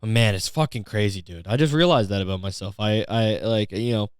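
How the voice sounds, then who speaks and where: A young man hosts a comedy podcast, ranting profanely and sarcastically and slipping into mocking voices. His voice sits on the low side, fairly quick and smooth, captured in studio quality with no echo.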